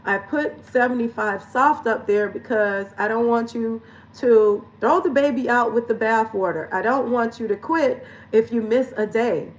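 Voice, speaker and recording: A woman lifestyle coach speaking in a candid confessional vlog, with a voice pitched a little high. She is emotional and earnest, repeats lines for emphasis and laughs between phrases. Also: unhurried, recorded from a distance, rough recording.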